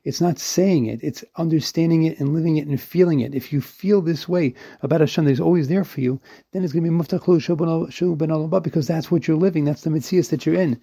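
A rabbi teaching a weekly Torah lesson in a dark, husky voice. He talks earnestly, trips over his words and restarts, and reads Hebrew quotes before explaining them in English. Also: a little high, quick pace.

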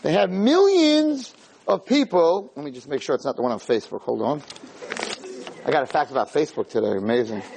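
Live lecturer, male, tells stories with animated delivery and a high voice, rising to shouts. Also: a little fast, vocal fry, slight background noise, rough recording. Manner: animated storytelling that builds to shouting. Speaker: Jewish lecturer. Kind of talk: joke-filled lecture to a live audience.

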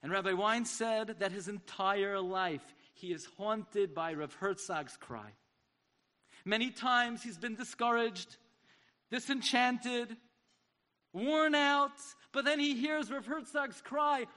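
Impassioned preacher, high and bright. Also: male voice, slow pace. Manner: impassioned, sweeping from hushed to loud. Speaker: speaker at a community event. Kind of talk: sermon-style storytelling.

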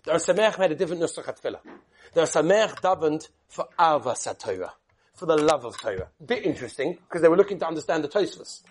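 A man giving a storytelling talk to yeshiva students, acting out each character with lively shifts. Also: on the high side, quick pace, a little hiss or hum. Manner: animated storyteller who acts out each character.

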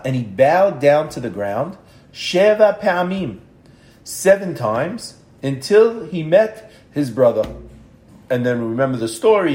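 A man's voice: on the high side, echoey room. Older man telling a Talmud story. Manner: lively storyteller, acts out voices, sprinkled with Hebrew terms. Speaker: Torah teacher. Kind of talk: animated Talmud storytelling class.

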